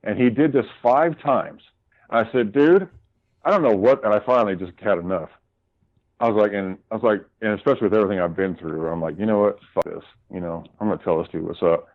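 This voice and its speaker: Low-voiced man telling a heated story. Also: fast talker, narrow, tinny audio. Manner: heated, profane retelling of arguments. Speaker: guest. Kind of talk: casual storytelling.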